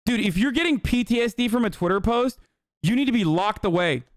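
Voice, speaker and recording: A man's voice: sits high, animated, a little fast, no room sound. A young man streamer ranting heatedly and profanely in live-stream commentary, reading posts and mocking them.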